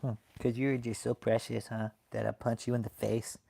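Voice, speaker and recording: A man's voice: medium pitch, little pitch movement, normal speed, gravelly, dark tone. Laid-back man chatting on a livestream. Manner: laid-back, profane, laughing a lot. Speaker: livestream host. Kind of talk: casual chat.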